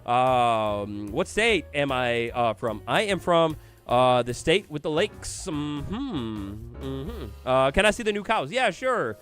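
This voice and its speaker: A man's voice: medium pitch, sing-song, takes it slowly, hardly any pauses, fairly bright tone, soft background music. A man chatting casually on a gaming livestream, answering viewer comments aloud as he goes. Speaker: gaming streamer.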